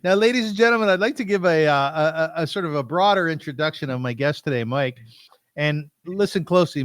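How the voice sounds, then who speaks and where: A man's voice: fairly high pitch, a little fast, no echo. A man hosting an interview show, talking in a chatty way and laughing easily. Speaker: host. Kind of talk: casual interview talk.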